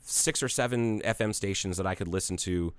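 A forty-year-old man from Ohio tells a story in casual podcast talk and acts out both sides of the conversation. His voice sits a bit low and comes across smooth and clear. The sound is dry and close, with no room around it. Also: a little fast, no echo. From Ohio, United States. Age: 40s. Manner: casual, swears freely.

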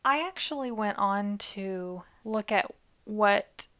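A woman's voice: mid-range voice, takes it slowly, a bit bright. Playful woman spinning stories on a podcast. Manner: playful storytelling, acting out scenes. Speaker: podcast co-host. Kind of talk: casual chat.

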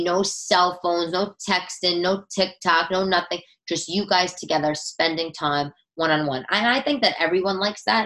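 A woman's voice: low-pitched, rough recording. Chatty woman podcast host. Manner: animated and chatty, with frequent restarts. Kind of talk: casual chat. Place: living room.

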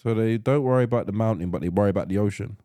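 A young British man co-hosting a podcast, bantering loudly and swearing through a guessing game with his friend. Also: on the low side, very fast, no echo, clean studio sound. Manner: loud laughing, joking, swearing. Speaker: podcast co-host.

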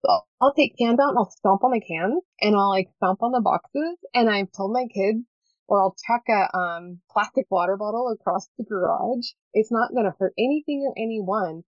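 Speaking at a moderate pace with a medium-pitched voice, a parenting coach in her thirties chats as a guest in a relaxed interview. She's earnest, talkative, and full of fillers. There's no echo; the sound is dry and a bit dull, lo-fi.

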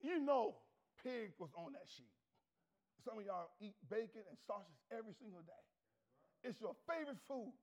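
Man, pastor, very high-pitched, animated jokey sermon, shouts for emphasis.

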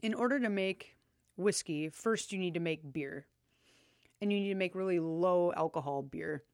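A woman with a slightly low voice talks in a relaxed, chatty way, full of fillers and small laughs as she explains. The sound is close and dry, with no room around it. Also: normal speed, dry recording. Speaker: co-host talking about drinks. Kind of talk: casual chat.

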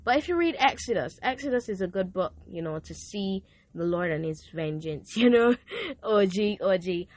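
A young woman hosts her podcast in a loose, casual way. She sounds heartfelt and emotional. She repeats her gratitude and speaks with warm faith. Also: mid-range voice, expressive, moderate pace. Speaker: podcast host. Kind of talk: casual thank-you message.

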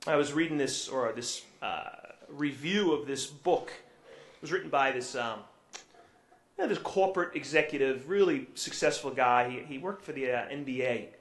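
A man preaching a sermon as a priest, telling a story in a relaxed way with many fillers and restarts. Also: a little high, normal speed. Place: church. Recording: echoey church room.

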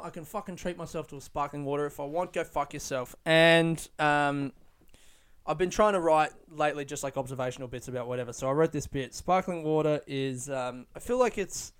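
A man's voice: on the high side, smooth. Rambling, profane man on a podcast. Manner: rambling, profane, self-mocking. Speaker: podcast host. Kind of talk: casual solo podcast monologue. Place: London, UK.

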